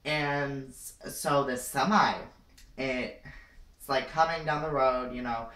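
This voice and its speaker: A woman's voice: rumbling low, fairly even intonation, slow, a bit bright. A young woman improvising a comic story time, rambling and dramatic, with lots of "like" and "you know". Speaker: vlogger. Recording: roomy, distant from the mic.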